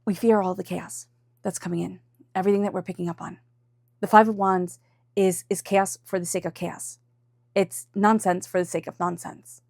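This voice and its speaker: Gentle woman tarot reader, dry sound. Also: mid-range voice, level tone, normal speed, vocal fry, no echo. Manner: gentle, musing, frequent "right?" asides. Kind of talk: weekly tarot reading.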